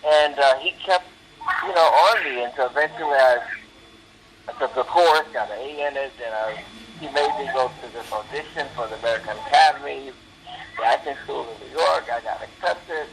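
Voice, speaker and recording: A man's voice: medium pitch, vocal fry, fairly bright tone. An older man, an actor and interview guest, telling earnest, faith-filled stories in a rambling casual way with many fillers, while dealing with pain. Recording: echoey, distant with noticeable background noise.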